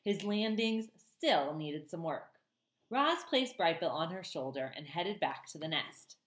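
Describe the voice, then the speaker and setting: Low-voiced teacher reading aloud. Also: female voice, animated, measured pace, echoey room. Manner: warm, chatty, many ums. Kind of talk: reading a children's novel aloud and chatting to students.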